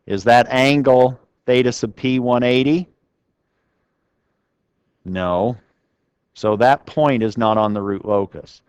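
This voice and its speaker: A man lecturing a class, with a smooth, clear voice recorded dry and close. He talks in an easy conversational way, often stopping to ask the students questions. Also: mid-range voice, takes it slowly, pauses often, darkish tone, dry recording. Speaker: university lecturer. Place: lecture room.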